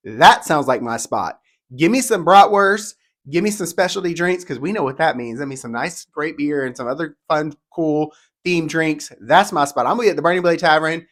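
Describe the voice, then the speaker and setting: Upbeat chatty man, slightly high voice. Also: expressive, fairly bright tone. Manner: chatty and upbeat, rapid-fire. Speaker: theme park vlogger. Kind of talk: casual solo video talk, reading descriptions aloud.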